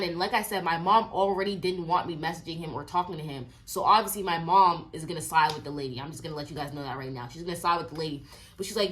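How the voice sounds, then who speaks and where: A woman in her twenties telling a casual storytime, chatty and animated, with lots of filler likes. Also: lowish voice, quick pace. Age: 20s. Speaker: vlogger.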